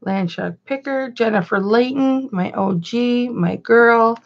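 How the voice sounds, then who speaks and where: Gravelly-voiced woman chatting on a livestream. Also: medium pitch, a little slow, few pauses, lo-fi sound. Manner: affectionate, greets chatters by name, calls herself Mama. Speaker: live-stream host and reseller. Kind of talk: chatty livestream talk to viewers.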